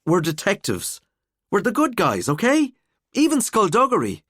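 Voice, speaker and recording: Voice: mid-range voice, wildly swooping pitch, normal speed, breathy edge, dry recording, clean studio sound, voice pushed up, exaggerated voice. A man doing a brave young woman detective. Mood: calming. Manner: firm, urgent when shouting.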